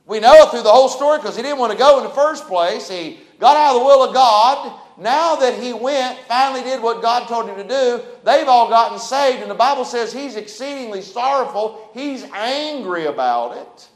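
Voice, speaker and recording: A man's voice: extremely high pitch, lively intonation, moderate pace, hardly any pauses, echoey room. A man preaching a sermon in an emphatic style, reading scripture and pressing his point. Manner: emphatic, preaching with Bible verses and a short prayer.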